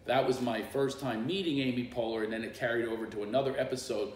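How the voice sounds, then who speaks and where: Animated storytelling comedian in echoey room. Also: male voice, mid-range voice, quick pace, slight background noise. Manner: animated storyteller, does voices and bursts into song. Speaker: comedian hosting a live stream. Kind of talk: casual storytelling chat.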